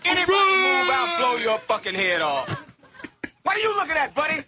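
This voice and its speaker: An actor playing an aggressive armed robber who barks threatening orders, heard from a noisy movie clip. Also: male voice, very high voice, sing-song, normal speed. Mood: menacing.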